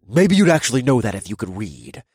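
A short-tempered male cultist growls his complaints loudly, voiced by a man. The voice is husky and clipped with irritation. It is an audiobook figure. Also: mid-range voice, quick pace, no room sound, studio quality, pitched above the performer's own voice, close to an everyday voice. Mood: growling. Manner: growling, exasperated.

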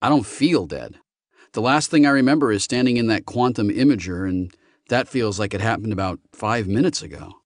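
A man voicing a wry, quick eighteen-year-old. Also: lowish voice, animated, no room sound, clean studio sound. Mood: musing. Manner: sardonic, brisk, inquisitive.

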